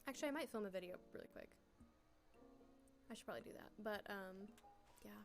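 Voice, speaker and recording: A woman's voice: mid-range voice, fast talker, music in the background. A woman streamer chatting casually from a small room at home, giggly and rambling, with many fillers. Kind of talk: casual livestream chat.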